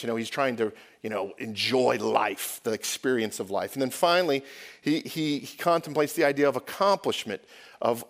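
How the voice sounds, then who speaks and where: A man from the United States delivers a Sunday sermon at a middle pitch. He talks in an easy, conversational way, stopping to restart phrases and putting questions to the congregation as he goes. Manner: conversational, self-correcting, asks the congregation questions. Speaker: pastor. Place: church sanctuary.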